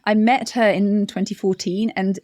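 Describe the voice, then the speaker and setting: A middle-aged woman giving a thoughtful interview answer, often restarting and laughing softly. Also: medium pitch, steady tone, moderate pace, dry recording, clean studio sound. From United Kingdom. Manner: reflective, many restarts and soft laughs. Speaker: interview guest, campaign director. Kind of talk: conversational interview.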